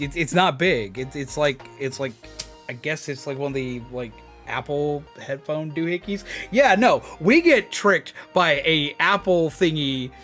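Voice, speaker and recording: A man streaming live, telling a story casually and excitedly, cursing freely and using lots of fillers. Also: a little high. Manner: excitable, swears a lot, many fillers.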